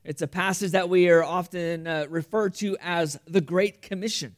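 A high-pitched male pastor preaches to his congregation in a church room. He speaks earnestly and often repeats himself as he builds each point. He shifts easily between storytelling and direct questions to the room. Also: steady tone, normal speed. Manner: earnest storytelling with frequent repetitions. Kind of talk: sermon.

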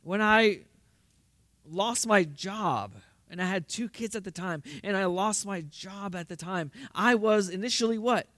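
A man's voice: sits high, a little slow, fairly bright tone, no echo, clean studio sound. A man preaching a sermon, asking the congregation rhetorical questions and rising to emphatic bursts. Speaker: pastor.

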